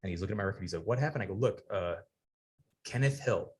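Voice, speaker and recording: A man with a lowish voice tells his story at a fast clip, slipping into the voices of the people in it and swearing freely. He is a guest in a podcast studio, chatting casually. He is in his forties. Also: animated. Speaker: podcast guest, retired Navy sailor.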